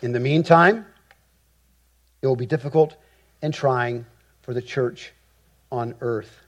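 A man preaching an expository sermon, with emphatic rhetorical repetition and deliberate phrasing. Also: medium pitch. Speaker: pastor.

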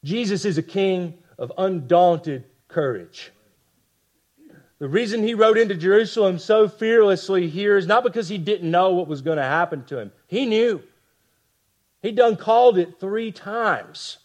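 A man preaching a sermon with passion, dropping to hushed lines for emphasis and tossing rhetorical asides to the congregation. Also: high-pitched, expressive, measured pace. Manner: impassioned, swings from loud emphasis to hushed lines. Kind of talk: expository sermon.

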